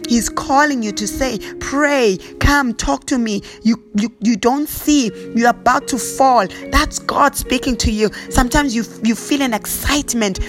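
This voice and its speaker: A woman's voice: a little high, over music. Fervent woman preacher praying in tongues. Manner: fervent, repetitive, slow chanted tongues. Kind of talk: prayer sermon with speaking in tongues.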